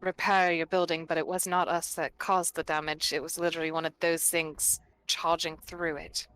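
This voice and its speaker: A woman playing a tabletop game in character, reasoning in a measured way. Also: low voice, level tone, fairly bright tone, smooth. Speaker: player.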